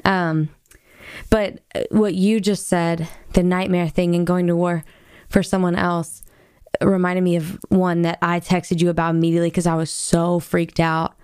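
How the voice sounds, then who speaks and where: Smooth low-voiced woman telling a story. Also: unhurried, no echo, studio quality. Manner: animated storytelling with fillers and laughs. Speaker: guest, author. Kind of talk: casual faith conversation.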